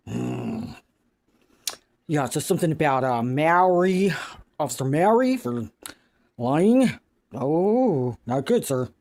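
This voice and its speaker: Male comic announcer, slow and unhurried, lively pitch, mock-solemn scolding of a naughty list. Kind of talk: comedic mock-formal announcement.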